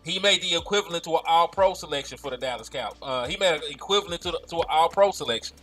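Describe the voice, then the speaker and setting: A man co-hosts a casual chat, teasing his partner with animated exaggeration and frequent laughter. His voice is high and bright for a man. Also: quick pace, faint music behind.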